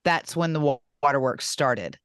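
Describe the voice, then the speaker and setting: A woman's voice: extremely low pitch, animated, normal speed, smooth, no room sound, studio quality. A middle-aged woman co-hosting a casual podcast chat, talking earnestly and rambling with many fillers. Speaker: co-host and wrestling champion.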